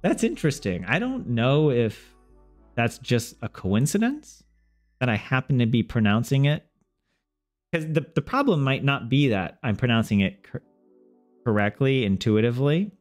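A man's voice: medium pitch, big pitch swings, normal speed. A man learning a language on a casual livestream, thinking aloud to his viewers with many restarts and self-corrections. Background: soft game music.

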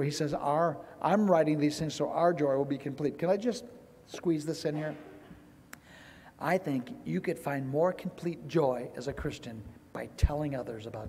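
Male pastor, higher voice, emotional and animated, church hall reverb. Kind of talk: sermon. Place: church sanctuary.

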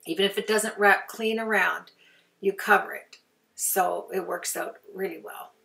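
A woman's voice: mid-range voice, fairly even intonation, measured pace, creaky, sharp tone, far from the mic. An older woman chatting casually through a card-making tutorial, rambling and sometimes dropping to a near-whisper.

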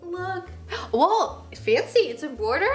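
A woman's voice: very high voice, sing-song, measured pace, reverberant, faint music behind. A woman in her twenties, a YouTuber chatting casually through an unboxing vlog, bubbly and giggly with emotional asides. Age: 20s.

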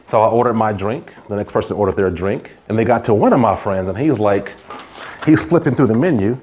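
A man's voice: fairly low pitch, brisk, a little mellow, lo-fi sound. A man preaching a sermon as pastor, in a conversational way, telling stories and adding asides.

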